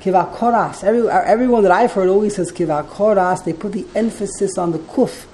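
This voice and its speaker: A woman's voice: mid-range voice, fast talker, warm tone, rough recording. A woman teaching a text study class, explaining and translating line by line and often wandering into side points.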